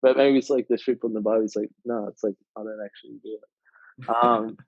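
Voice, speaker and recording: Young aussie guy in his 20s rambling on a podcast, low-ish voice, dry muffled sound. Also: fairly even intonation, brisk, no room sound. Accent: Australian. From Australia. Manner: rambling, heavy fillers and restarts. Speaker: podcast guest. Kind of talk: casual chat.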